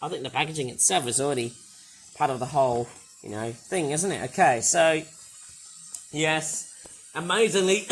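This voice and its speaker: A hoarse man recovering from a sore throat, rambling excitedly through a casual toy unboxing review with loud bursts. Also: a little high, normal speed, long pauses, a little hiss or hum, poor audio.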